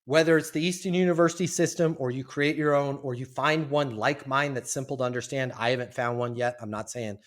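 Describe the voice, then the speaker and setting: A man's voice: medium pitch, steady tone, fairly quick, hardly any pauses. A man guesting on a business podcast, teaching sales in an emphatic, punchy way with casual swearing.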